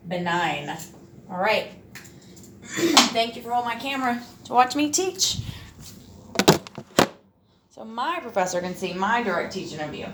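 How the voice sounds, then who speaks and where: A woman teacher running a reading lesson, encouraging and sounding words out slowly. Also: on the high side, lively intonation, a bit bright, slight background noise. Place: classroom. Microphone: far camera. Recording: echoey room from far off.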